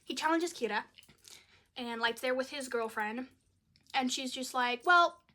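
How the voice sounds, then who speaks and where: Young woman, bright tone, slightly high pitch, casual film-review chatter, exasperated, lots of "like". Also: unhurried. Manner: chatty, exasperated, uses "like" often. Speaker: video creator reviewing a film.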